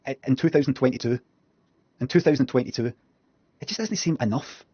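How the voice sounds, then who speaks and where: A Scottish man streams indoors at his computer, giving blunt, sweary, sardonic live commentary as he reacts to videos. His medium-pitched, slightly rough voice runs a little fast, and the recording has no room sound, with the highs cut off.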